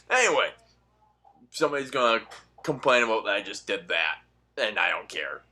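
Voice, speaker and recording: Profane ranting man, bright voice. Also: medium pitch, huge pitch swings, moderate pace, gravelly, long pauses. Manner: profane, sarcastic, swings between loud outbursts and muttering. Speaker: political commentary vlogger. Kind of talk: ranting monologue.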